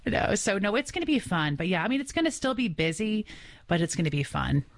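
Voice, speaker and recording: A woman's voice: medium pitch, sing-song, quick pace, no echo. A woman co-hosting a morning radio show, out of breath, chatting in a bubbly way. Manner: bubbly, laughing easily. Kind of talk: casual morning radio chat. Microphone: studio microphone.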